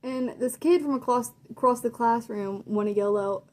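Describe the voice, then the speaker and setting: A teenage girl rants through a casual storytime, her voice sitting a little high. She talks with sass and animation, filling her sentences with "like" as she reacts to everything. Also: takes it slowly, pauses often. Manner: sassy, animated, heavy use of "like". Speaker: vlogger.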